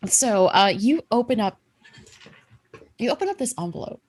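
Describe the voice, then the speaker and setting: A woman game master narrates a tabletop role-play, giggling often and rambling through her scenes. Her voice swings widely in pitch, lively and animated. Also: moderate pace.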